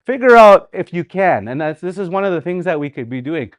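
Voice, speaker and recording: A man with a Canadian Dakota community accent, teaching a live online language class in a relaxed, conversational way, repeating example words and going off on friendly asides. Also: sits high, fairly quick, no room sound, studio quality. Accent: Canadian Dakota community English.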